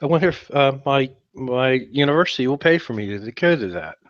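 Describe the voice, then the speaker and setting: Wry, sarcastic podcast host. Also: male voice, mid-range voice, expressive, brisk, dry recording, highs cut off. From West Virginia. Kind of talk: casual podcast banter.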